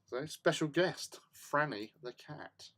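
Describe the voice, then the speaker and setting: Chatty man with a lively voice. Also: a little high, takes it slowly. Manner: rambling, self-mocking, chatty. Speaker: host of a hobby livestream. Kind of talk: casual chat.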